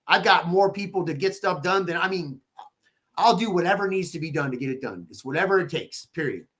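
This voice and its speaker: A man telling stories as a podcast guest, animated and swearing freely, quoting people in lively voices. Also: on the high side, fairly quick. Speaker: podcast guest, real estate agent. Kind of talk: casual podcast interview.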